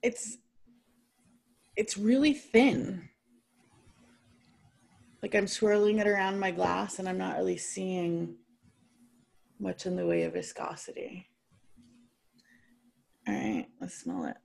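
Casual woman host, gravelly and a bit husky, swears, trips over words. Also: mid-range voice, fairly even intonation, slow, pauses often, a little mellow. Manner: chatty, swears freely, stumbles over hard words. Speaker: podcast host. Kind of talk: casual chat, reading tasting notes aloud.

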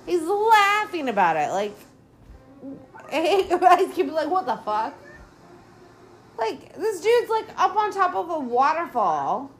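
A woman's voice: very high-pitched, slow. A woman hosting a podcast, giving casual, exasperated commentary on a movie as she watches it, swearing often. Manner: lively, exasperated, heavy swearing. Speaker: podcast host.

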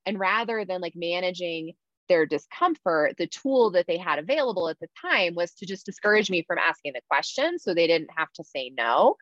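A woman's voice: fairly low pitch, lively intonation, normal speed, a bit bright, no echo. A woman talking candidly in casual podcast chat, with lots of "like" fillers. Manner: candid, chatty, many "like" fillers. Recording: slightly dull dry sound.

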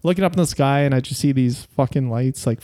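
A man's voice: mid-range voice, fast, mellow. A man in casual podcast chat, telling rambling, profane stories with lots of fillers.

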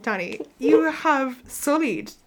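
A young woman chats on a comedy podcast, teasing her co-host with quick, wry remarks. Her voice is noticeably high, and her tone is loose and conversational, with a faint hiss of background noise. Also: lively intonation. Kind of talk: casual comedic chat.

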